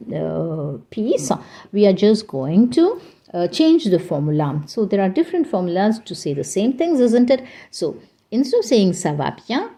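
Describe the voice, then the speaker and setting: A French teacher from India, a native Hindi speaker with an Indian English accent, leads a beginner language lesson. Her medium-pitched voice is warm, and she goes slowly and patiently, repeating phrases for the learners.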